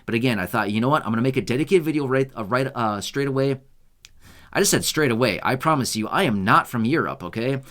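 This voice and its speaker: A man's voice: medium pitch, expressive, fast talker, few pauses, fairly bright tone. A young man from the United States, hosting a casual unscripted video in a rambling, self-mocking way and laughing often. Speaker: YouTube host.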